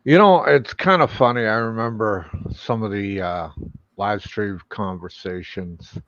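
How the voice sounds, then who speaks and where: A man speaking slowly and hesitantly in a casual chat, with many fillers. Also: fairly low pitch, a bit bright, dry recording. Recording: dull lo-fi stream audio.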